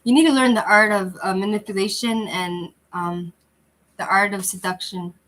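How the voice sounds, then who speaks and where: A woman's voice: medium pitch, fairly even intonation, normal speed, a bit bright, rough recording. Woman, casual livestream host, rambling, chatty, restarts a lot, lousy cheap microphone. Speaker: channel host chatting with viewers.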